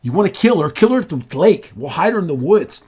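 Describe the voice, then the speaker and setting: A man's voice: high-pitched, big pitch swings, quick pace, darkish tone, husky, heavily acted. Ex-con guy talking his partner down, urgent, an actor doing it. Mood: tense. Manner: urgent, reasoning. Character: reformed male ex-con, tense and calculating.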